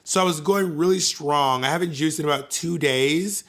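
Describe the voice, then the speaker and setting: A man co-hosting a podcast, chatting casually and telling stories in an animated, playful way, swearing freely. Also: on the high side, moderate pace. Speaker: podcast co-host. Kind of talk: casual chat.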